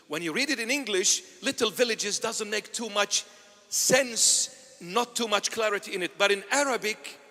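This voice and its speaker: High-voiced male preacher in a reverberant church. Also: normal speed. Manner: animated storyteller acting out voices. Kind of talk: storytelling sermon.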